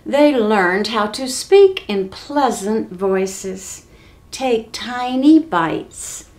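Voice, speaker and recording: A woman reading a children's story aloud as a library storyteller. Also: fairly high pitch. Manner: slow, expressive read-aloud.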